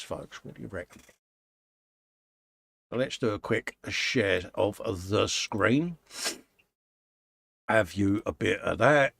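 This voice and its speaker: A British-accented man reads viewer comments aloud during a relaxed live stream from his home workshop, friendly and chatty, addressing everyone as "mate" and "folks." He speaks with a lowish, creaky voice, and there's no room sound.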